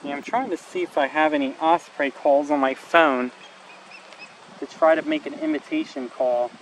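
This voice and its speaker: A man filming wildlife outdoors by a marsh, musing aloud and soothing a bird in a gentle, coaxing way. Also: on the high side, sing-song, moderate pace, gravelly, low-quality recording. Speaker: wildlife videographer. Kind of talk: casual narration while filming. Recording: outdoor wind and ambient noise. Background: wind, birds and passing vehicles.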